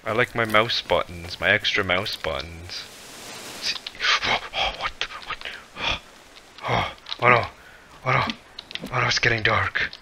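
Jumpy guy talking himself through a scary game, gravelly voice, slow talker, clicking in the back. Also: fairly low pitch, pushed and bright, slight background noise. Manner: jumpy, easily frightened, talks to himself. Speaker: gaming channel creator. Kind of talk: let's play commentary.

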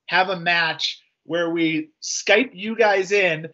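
Upbeat high-voiced American man on a call. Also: takes it slowly, pushed and bright, dull audio, slight background noise. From USA. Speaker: guest. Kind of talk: casual video call chat. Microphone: video call.

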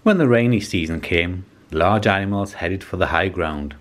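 A man with a deep, low voice reads a children's picture book aloud. His storytelling is calm and measured, with steady pacing suited to young listeners. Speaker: storybook reader.

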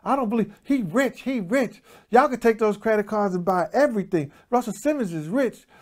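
Man imitating a high squealing excitable man, gushing, panicky. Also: normal speed, lightly acted.

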